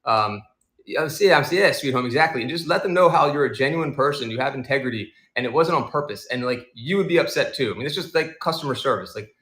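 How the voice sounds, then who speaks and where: A man's voice: medium pitch, expressive, fast, fairly bright tone, roomy sound. A man hosting a casual livestream, chatting and rambling as he answers viewers in the chat. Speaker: livestream seller host.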